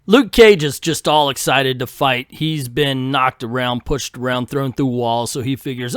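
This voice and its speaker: A man's voice: mid-range voice, measured pace, fairly bright tone, smooth, no room sound, studio quality. Sarcastic comic-reviewing man. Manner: sarcastic, joking asides.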